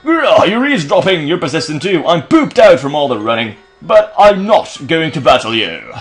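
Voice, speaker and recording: A man doing a brash, high-pitched villain grunt with a fake British accent. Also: big pitch swings, moderate pace, faint music behind. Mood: taunting. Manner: put-on British-sounding accent. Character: cocky male villain grunt, brash and rude.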